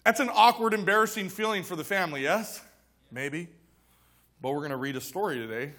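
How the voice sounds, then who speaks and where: A man's voice: high voice, a little fast, a bit bright. A male pastor preaching a casual, joking sermon in church, acting out little scenes as he goes.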